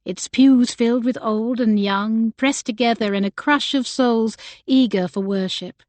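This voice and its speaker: Slow, gentle woman narrator. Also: fairly high pitch, no room sound. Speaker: audiobook narrator. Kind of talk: scripted narration.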